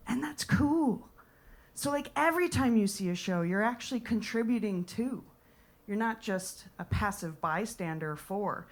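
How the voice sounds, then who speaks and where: A woman's voice: medium pitch, lively intonation, moderate pace. A young American woman performing a rambling, playful stand-up set. She talks straight to the audience and drops into whispered asides. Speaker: comedian and improviser. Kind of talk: stand-up set at a live comedy night.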